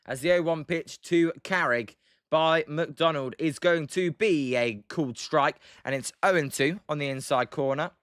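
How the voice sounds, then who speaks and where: A man's voice: on the high side, a little slow, a bit bright, clean tone, no echo, studio quality. Chatty British man streaming play-by-play. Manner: chatty, many ums, reads chat aloud. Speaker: livestream host doing play-by-play. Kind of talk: casual live commentary with chat replies.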